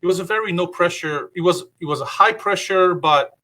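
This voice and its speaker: A man with a bright, forceful voice tells long stories as a guest on a video call. He rambles through them with plenty of fillers. He quotes what he said back then. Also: high-pitched, brisk. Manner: rambling anecdotes with many fillers; acts out his own past remarks in quotes. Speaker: guest guitarist. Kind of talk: casual interview storytelling.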